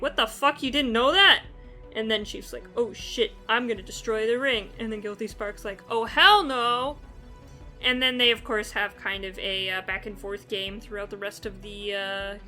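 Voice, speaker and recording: A woman co-hosting a casual podcast chat, animated and playfully acting out characters as she recaps. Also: medium pitch. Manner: animated, acts out characters with exaggerated quips. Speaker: podcast co-host.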